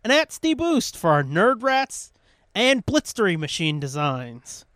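A man with a high-set voice chats casually as a podcast co-host, swearing often and wandering between thoughts. His voice is close and dry, with no room sound. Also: huge pitch swings, measured pace, fairly bright tone, no echo. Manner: profane, rambling, reads sponsor list. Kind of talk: casual chat.

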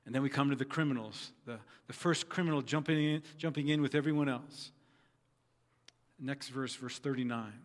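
A man's voice: medium pitch, fairly even intonation, moderate pace. Preacher man in an echoing hall. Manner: voices quoted figures dramatically, repeats phrases. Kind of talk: sermon.

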